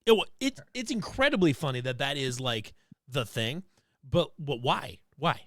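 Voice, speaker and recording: Giggly man with a lively voice. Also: mid-range voice, moderate pace, no room sound, clean studio sound. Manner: giggly, rambling, repeats himself. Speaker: co-host. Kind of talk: casual chat while streaming.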